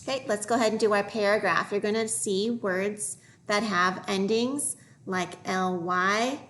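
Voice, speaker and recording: A woman teacher leading a phonics lesson for young children, modeling each word slowly and clearly. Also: medium pitch, a bit bright. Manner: slow, deliberate modeling of words for young learners.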